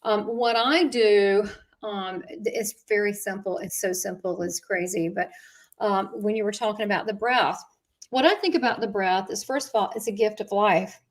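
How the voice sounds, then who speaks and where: A chatty woman talking in a relaxed conversational way, voice in an ordinary middle pitch. She often restarts her sentences and fills the gaps with "uh" and "you know" as she tells her stories. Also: moderate pace. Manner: chatty storyteller with frequent fillers and restarts. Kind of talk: casual conversation.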